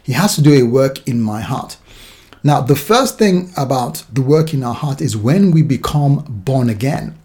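A man's voice: mid-range voice, animated, moderate pace, warm tone. A man preaching a sermon in a loose, conversational way, acting out little voices in his examples. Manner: conversational, with acted-out asides.

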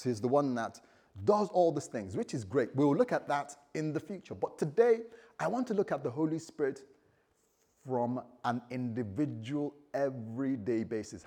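Animated husky-voiced male preacher. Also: on the high side. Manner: animated storytelling, acting out voices with laughter. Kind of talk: sermon.

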